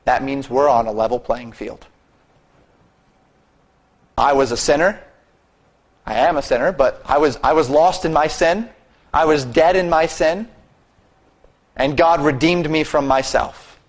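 Earnest preaching man, slightly high voice. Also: measured pace, long pauses, poor audio. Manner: earnest, exhorting, shifts volume for emphasis. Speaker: pastor. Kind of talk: sermon.

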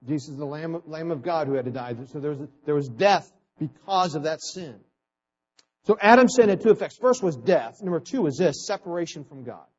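A high-pitched man delivers a sermon in a rapid, restless rush. He doubles up words as he goes and veers between loud emphasis and hushed asides. The recording sounds muffled and lo-fi. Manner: fast-talking, repeats words, swings between loud emphasis and quiet asides. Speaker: preacher. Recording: dull lo-fi recording.

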